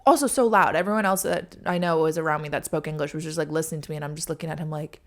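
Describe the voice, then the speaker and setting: A young adult woman hosting a podcast, telling a casual story in a chatty way, full of "like" and dropping into hushed asides. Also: sits low, racing. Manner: chatty, heavy use of "like", drops to hushed asides. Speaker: podcast host.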